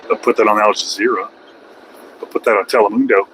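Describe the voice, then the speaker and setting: A man's voice: lowish voice, fairly even intonation, fairly quick, a bit bright, slight background noise, low-quality recording. A man, a truck driver vlogging from his cab, talking in a rambling, opinionated way with wry asides. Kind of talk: casual rambling monologue.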